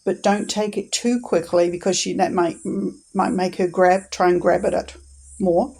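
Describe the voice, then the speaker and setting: A woman in a casual instructional vlog, talking calmly and patiently and encouraging her dog as she trains it. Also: on the low side, normal speed, rough recording.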